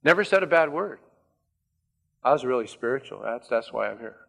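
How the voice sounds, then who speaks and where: A man's voice: mid-range voice, lively intonation, a little fast, vocal fry, fairly bright tone, big-room sound, voice pushed down. A preacher voicing a smug, boastful man who brags about his own goodness. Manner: self-satisfied, bragging.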